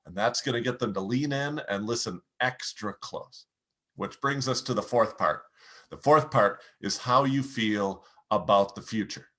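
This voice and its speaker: A man's voice: a little slow, a bit bright. A middle-aged man giving a motivational lesson on telling your story, speaking directly to the listener and showing how to drop and lift his voice. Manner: direct, coaching, addresses listener as you; demonstrates voice changes, lowering and raising pitch. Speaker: speaking coach. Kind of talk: motivational teaching talk.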